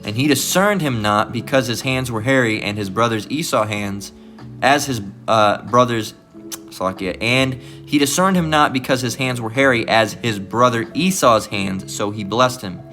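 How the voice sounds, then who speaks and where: Bright-voiced man reading scripture aloud. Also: medium pitch, moderate pace, faint music behind. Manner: reads archaic scripture with stumbles and rereads, breaks in with blunt asides; peppers remarks with "all right?". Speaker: preacher. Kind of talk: Bible reading with commentary.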